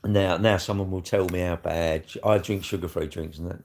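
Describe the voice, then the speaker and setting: A man's voice: deep voice, moderate pace. A middle-aged man with a South East London accent, chatting casually on a live stream in a blunt, sweary, rambling way.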